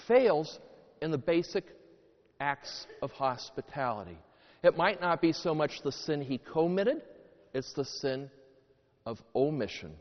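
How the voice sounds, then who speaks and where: A man's voice: on the high side, measured pace, in a large hall, muffled recording. A man preaching a sermon as a priest, telling stories with dramatic emphasis and folksy jokes and asides to the congregation. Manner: animated storytelling with dramatic emphasis. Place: church.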